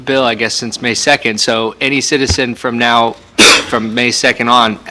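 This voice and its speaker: A man's voice: medium pitch, little pitch movement, normal speed, bright, forceful tone, slight background noise. A man chairing a city meeting, appreciative and conversational.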